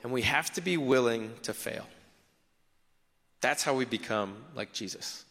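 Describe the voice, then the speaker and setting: A man, a pastor, preaching a sermon in a conversational, animated way with acted asides. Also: mid-range voice, unhurried, gravelly, long reverb tail.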